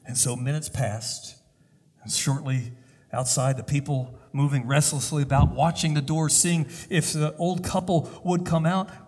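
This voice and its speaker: A man preaching a sermon, telling a story deliberately, with pauses and hesitations. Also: fairly high pitch, a little mellow, slightly rough. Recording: long hall reverb.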